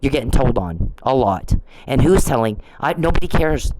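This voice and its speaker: A woman's voice: rumbling low, lively intonation, normal speed, a little mellow, a little hiss or hum, rough recording. A woman ranting angrily straight at the camera, scolding and swearing, stumbling over her words when heated. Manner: furious, profane, scolding; repeats and restarts when heated. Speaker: vlogger. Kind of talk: angry direct-address rant.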